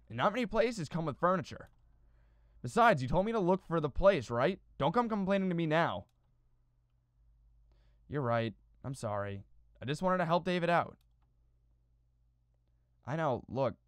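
A game character argues in hushed, subdued tones, as a man reads the part. The voice rises and falls in a lively way and sits dry and close, with no room sound. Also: on the high side, normal speed, long pauses, no echo, pitched above the performer's own voice. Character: adult game character quietly arguing about a move.

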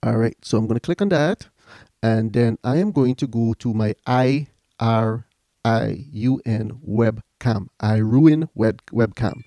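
A man's voice: mid-range voice, a little slow, dark tone, dry recording. A man casually walking viewers through a tech setup step by step, often checking in with "all right". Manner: chatty, keeps saying "all right". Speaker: tech reviewer. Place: home music setup.

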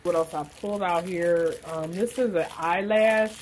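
A woman's voice: fairly low pitch, unhurried, a little mellow, a little hiss or hum, low-quality recording. A woman casually chatting through a shopping haul, rambling with lots of fillers. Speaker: vlogger showing a shopping haul. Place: hot room with a fan blowing.

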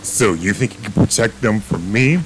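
A man reading the lines of an arrogant male villain king from a video game in his own plain, lowish voice. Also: normal speed, lightly acted, poor audio. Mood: taunting.

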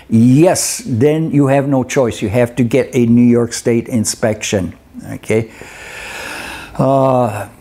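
Folksy man teaching, mellow voice. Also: medium pitch. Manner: folksy, repeats "okay?" and "eh?" to check in with listeners. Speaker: instructor. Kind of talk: live webinar lecture on truck inspections.

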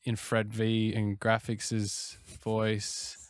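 A man's voice: fairly low pitch, monotone, drawn-out words, smooth, no room sound, studio quality. An Australian man chatting casually as a podcast guest, thinking aloud with restarts. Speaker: guest producer.

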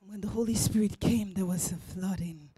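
A woman preaching a sermon in church, swinging from shouted declarations to near-whispers. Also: medium pitch, moderate pace, husky, dry recording.

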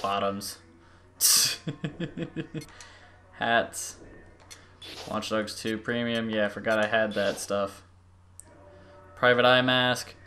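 A young man rambling excitedly while playing a video game, gushing over everything he sees. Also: fairly low pitch, slight background noise. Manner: gushing, rambling, quick bursts of enthusiasm. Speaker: gaming YouTuber. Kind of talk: excited gameplay commentary.

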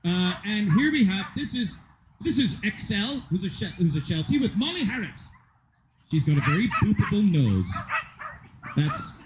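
A man giving playful, rambling live commentary at an outdoor dog agility field. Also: sits high. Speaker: event commentator. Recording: loud outdoor noise, dogs barking.

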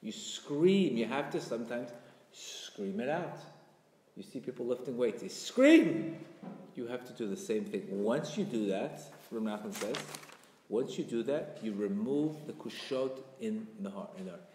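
A man giving a Torah class, speaking with passion and sometimes rising to near shouts. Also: mid-range voice, expressive, moderate pace. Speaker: Jewish teacher. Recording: echoey hall.

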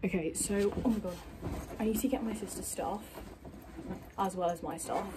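A woman's voice: mid-range voice, moderate pace, background noise. A woman chatting casually to camera as a vlogger, rambling to herself while getting ready at home. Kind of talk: casual vlog chat. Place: at home, indoors.

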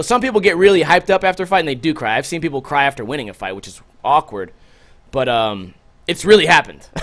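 A man hosting a podcast, telling a story in a loose, profane, animated way and loudly acting out what people said. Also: on the high side. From Las Vegas. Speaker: podcast host. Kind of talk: casual storytelling monologue.

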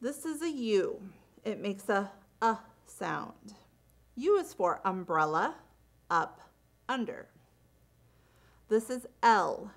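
A woman gives a phonics lesson at a very unhurried pace. She enunciates every letter sound and example word clearly, her pitch rising and falling in a lively way. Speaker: teacher. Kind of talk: slow, deliberate phonics instruction.

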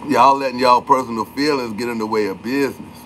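A man's voice: medium pitch, fairly even intonation, quick pace, fairly bright tone, slight background noise. A man hosting a livestream in casual chat, talking in loose slang and calling out viewers by name. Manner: loose slangy talk, greets and calls out chatters by name. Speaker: livestream host.

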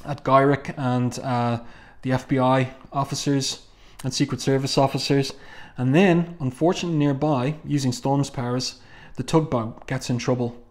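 A man casually reviewing a comic book and reading panels aloud, musing with frequent ums and restarts. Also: medium pitch.

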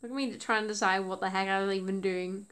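Bright chatty woman vlogger. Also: mid-range voice, fairly even intonation, quick pace, smooth. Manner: chatty, rambling, lots of "like" and giggles. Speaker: YouTuber. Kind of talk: casual reaction commentary.

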